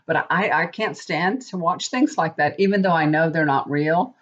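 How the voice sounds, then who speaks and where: A woman's voice: sits low, normal speed. A woman in her fifties, a tarot reader and psychic, rambling in casual chat to camera and getting worked up as she talks. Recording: dull lo-fi recording.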